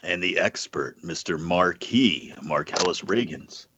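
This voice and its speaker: A man's voice: sits low, expressive, measured pace, a bit bright, slight background noise. A man hosting a casual nerd podcast, introducing his co-hosts with upbeat, jokey patter. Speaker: podcast host.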